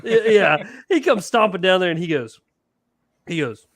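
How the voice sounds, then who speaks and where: A man spins a fishing yarn in a loose podcast conversation, laughing as he acts out each line of the argument. His voice sits a little high, and the sound is dry and close with no room around it. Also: normal speed, no room sound. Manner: animated, laughing, acts out quotes. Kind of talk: casual storytelling.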